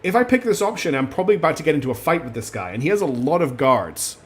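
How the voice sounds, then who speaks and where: This gamer's voice sits on the high side, and he talks fast and very animatedly through a faint hiss or hum. While streaming, he reads the game's dialogue aloud in a chatty way, often restarting, saying um, and tossing in apologies.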